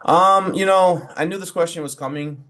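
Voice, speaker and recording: A man's voice: sits high, normal speed. A forty-year-old man, a wrestler and referee, speaking as an interview guest in a casual way, full of fillers and acting out quotes as he tells stories. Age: 40s. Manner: animated storyteller who acts out quotes, many fillers.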